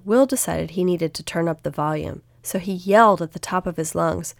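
Low-voiced woman narrating a children's story. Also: animated, normal speed, hardly any pauses, a little mellow, no echo, studio quality. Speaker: audiobook narrator.

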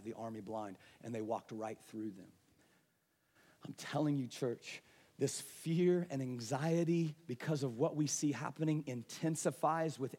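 A man preaching a passionate sermon, shifting between hushed, quiet moments and raised, urgent delivery. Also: medium pitch. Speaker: pastor. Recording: reverberant hall.

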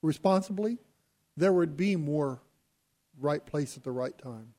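A man co-hosts the talk show with casual, sardonic remarks. His voice is notably high for a man. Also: lively intonation, unhurried, warm tone. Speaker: co-host.

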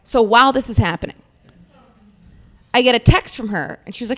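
Woman comedian telling an animated story. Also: on the high side, fairly quick. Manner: animated, laughs through her punchlines, swears freely. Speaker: guest comedian. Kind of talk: comic storytelling on a live podcast. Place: live podcast stage in a comedy theater.

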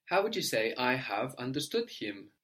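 A man teaching a language lesson, explaining patiently step by step and checking understanding with a quick "no?". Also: mid-range voice, very animated, a bit bright.

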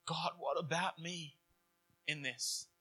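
A man's voice: on the high side, slow, pushed and bright. A man preaching a sermon in an earnest, conversational way, slipping into acted inner voices to make his points. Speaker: pastor.

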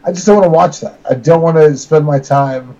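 A man's voice: a little high, fairly quick, dark tone. A man on a casual podcast panel, talking bluntly and dismissively. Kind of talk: casual chat. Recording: dull lo-fi mic.

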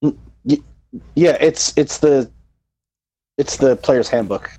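A gravelly man with a lively, swooping voice plays a tabletop game. He calls out his rolls slowly and hesitantly, with plenty of pauses and fillers. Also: mid-range voice. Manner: slow, hesitant, reads out dice rolls. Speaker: player. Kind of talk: casual tabletop game play.

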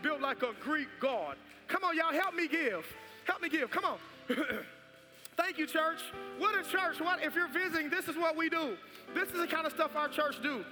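A man leads his congregation in giving and prayer, pressing his appeals again and again. His voice sits very high and carries with long church reverb. Soft music plays beneath him. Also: expressive, normal speed. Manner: fervent, repetitive exhortation. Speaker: pastor. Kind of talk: sermon with offering and prayer. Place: large church sanctuary.

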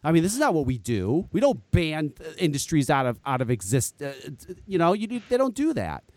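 A man's voice: fairly high pitch, brisk, no room sound. A man hosting a live call-in show in a casual, rambling way, with loose swearing along the way. His voice swings up and down a lot as he talks. The sound is dry and close, with no room around it. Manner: animated, rambling, swears freely. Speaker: podcast host. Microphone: headset.

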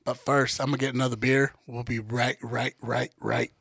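A man's voice: mid-range voice, normal speed, gravelly, breathy edge, dry recording. A young man co-hosting a podcast, swearing and joking as he tells family stories. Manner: profane, joking, tells stories with animated quoted voices. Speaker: podcast co-host. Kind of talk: casual podcast banter.

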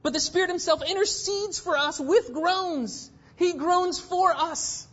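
A woman pastor in her thirties preaching a sermon, emphatic, swinging between hushed and intense passages. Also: very high-pitched, a little slow. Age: 30s. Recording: dull lo-fi church recording.

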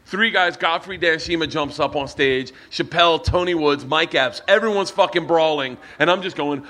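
Animated, profane male comedian telling stories. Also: on the high side. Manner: animated, profane, quick anecdotal delivery. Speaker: comedian podcast host. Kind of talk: storytelling with friends. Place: bar in front of a live audience.

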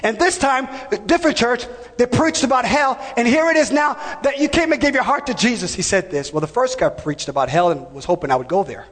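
High-voiced man preaching in a hall. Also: animated, fairly quick, few pauses. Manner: emphatic, shouting call-and-response preaching. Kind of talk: sermon. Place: church sanctuary. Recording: long reverb of a large hall.

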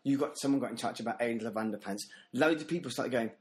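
A man's voice: medium pitch, fast talker. A man co-hosting a casual podcast, chatting and laughing as he reads out reviews. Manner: laughing often, reading out children's reviews. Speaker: podcast co-host.

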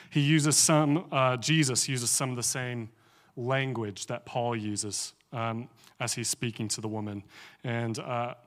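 A man preaching a casual sermon and reading scripture aloud, speaking conversationally and often pausing on fillers. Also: medium pitch.

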